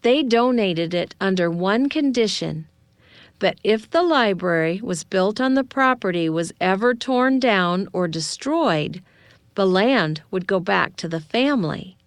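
Excited conspiratorial teen girl read by a woman; smooth, unhurried, dry. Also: mid-range voice, dry recording. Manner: eager, conspiratorial.

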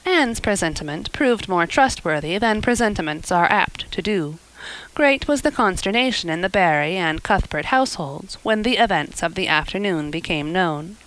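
A woman narrating a classic storybook in a measured, expressive reading. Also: fairly low pitch, low-quality recording. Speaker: audiobook reader. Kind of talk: scripted narration.

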